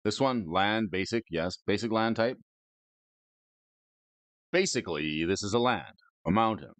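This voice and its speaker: A man's voice: lowish voice, measured pace, fairly bright tone, dry recording. A man hosting a casual stream, rating game cards aloud with playful, goofy asides and silly wordplay. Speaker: host. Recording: dry, dull lo-fi mic.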